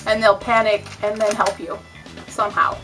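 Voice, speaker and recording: A woman's voice: medium pitch, flat delivery, normal speed, a bit bright, soft background music. A young American woman in her twenties giving a casual, chatty vlog explainer, full of sarcastic, self-mocking asides. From United States. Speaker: vlogger.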